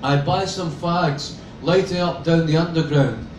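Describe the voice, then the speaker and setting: Guy reading a gritty novel aloud, dry and sardonic, bit higher voice, echoey from far off. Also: steady tone, measured pace, slight background noise. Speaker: author reading. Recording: roomy sound from a distant mic with faint ambience.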